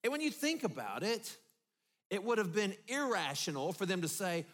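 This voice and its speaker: A man preaching a sermon, telling the story vividly and dropping low and soft for emphasis. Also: sing-song, moderate pace. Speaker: pastor.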